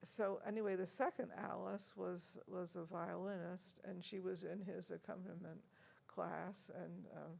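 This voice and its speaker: An older American woman, interviewed as an organist and teacher, reminisces with chuckling anecdotes and many hesitant restarts. Her voice sits on the low side, steady and unhurried, with a creaky, darkish tone.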